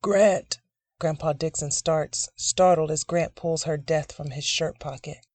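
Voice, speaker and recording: Dry, measured dark-story narrator. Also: medium pitch, little pitch movement, no echo. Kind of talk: dark literary short story reading.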